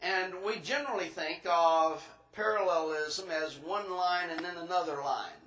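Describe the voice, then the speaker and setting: A man's voice: a little high, pushed and bright, roomy sound, low-quality recording. A man preaching an expository sermon in a church, laying out his points methodically, step by step.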